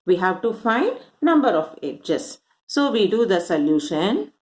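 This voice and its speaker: A woman with a medium-pitched, sing-song voice teaches maths without hurrying. Her classroom explanation moves step by step, with counting aloud and rhetorical questions.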